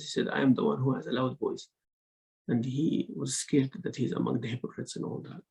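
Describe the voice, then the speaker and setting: A sheikh teaches Quran commentary in a religious lesson, his gravelly man's voice medium-pitched, steady in tone, a little fast and a little mellow. He mixes Arabic recitation into his English teaching and acts out examples of rude and polite speech. The recording is low quality.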